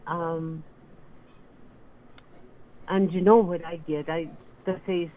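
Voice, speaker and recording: Woman on a call, slow and hesitant, muffled line w/ faint hiss. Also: on the low side, steady tone. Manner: slow, halting, searching for words. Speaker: caller giving a psychic reading. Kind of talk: phone-in spirit description. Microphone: call audio.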